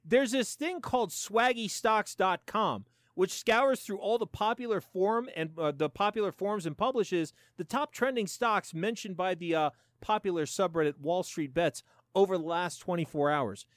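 A man's voice: sits high, normal speed, no echo, clean studio sound. A man in his forties hosting a profane, sarcastic commentary show, ranting with lots of swearing. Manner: animated, sarcastic, swears a lot. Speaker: show host.

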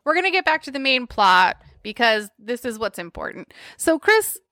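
A woman with a bright, fairly high voice tells a story for a podcast recap. She talks in a lively, animated way and acts out the characters as she goes. The recording is close and dry. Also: normal speed, dry recording. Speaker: podcast co-host. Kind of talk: casual chat recapping a show.

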